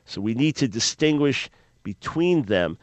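Measured male radio host, very dry sound. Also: mid-range voice, sing-song, no echo. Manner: measured, explanatory, thoughtful pauses. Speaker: radio talk show host. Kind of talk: call-in radio Bible answers.

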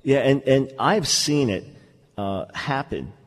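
A man hosting a radio talk show, speaking in an earnest, animated, conversational way. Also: medium pitch, takes it slowly, big-room sound.

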